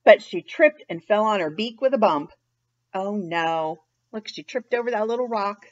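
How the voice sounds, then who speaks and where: A woman reading a children's picture book aloud, expressive and pausing to ask young listeners questions. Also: mid-range voice, highs cut off, a little hiss or hum. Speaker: children's story reader. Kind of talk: storytime read-aloud.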